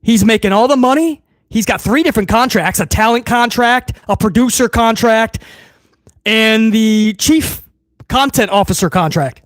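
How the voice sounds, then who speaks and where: A man's voice: sits high, dry recording, studio quality. A man hosting a live wrestling watch-along stream, ranting bluntly and swearing freely in casual commentary.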